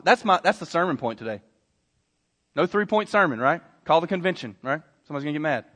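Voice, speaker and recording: A male pastor, preaching a sermon and telling stories, swelling loud and then dropping soft. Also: fairly high pitch, lively intonation, a little fast, pauses often. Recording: reverberant hall.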